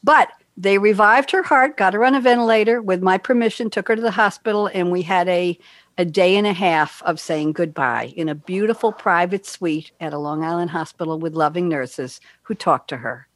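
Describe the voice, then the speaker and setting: A woman's voice: fairly low pitch, normal speed, dry recording. Older woman host, chatty storyteller. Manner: chatty storyteller, acts out quoted voices. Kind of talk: casual interview chat.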